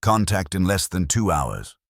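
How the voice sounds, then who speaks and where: Cold menacing colonel, read by a man in a very deep, dry voice. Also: sing-song, unhurried, no room sound, full character voice. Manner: cold, clipped, threatening. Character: stern cold male German colonel.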